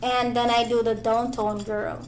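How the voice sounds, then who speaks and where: Give me a playful Jamaican woman comedian with a slightly high voice. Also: level tone, a little slow, a little hiss or hum. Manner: playful, joking. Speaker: stand-up comedian. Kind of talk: interview answers.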